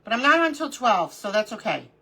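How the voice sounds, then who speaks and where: A woman's voice: fairly high pitch, very animated, fast talker, pushed and bright, breathy edge. A middle-aged woman hosting a live crafting stream, chatting casually, greeting viewers by name and talking to herself as she works. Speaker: livestream crafting host.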